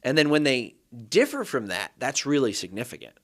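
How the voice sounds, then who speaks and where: A man's voice: medium pitch, very animated, brisk. A man who teaches Hebrew, a guest on a podcast, explaining his ideas thoughtfully and building them up step by step. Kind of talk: explanatory interview talk.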